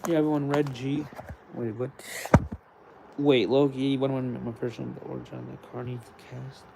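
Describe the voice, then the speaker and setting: A man streaming live, chatting casually with his viewers and reading their messages aloud in animated bursts. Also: medium pitch, normal speed, gravelly, noisy background. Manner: animated, reads chat aloud, excitable bursts. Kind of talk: casual livestream chat.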